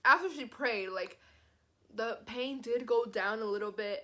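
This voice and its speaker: A young woman tells a storytime vlog in a loose, chatty way, leaning on "like" between phrases. Her voice sits a bit higher than most women's. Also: moderate pace. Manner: animated, says "like" constantly. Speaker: vlogger.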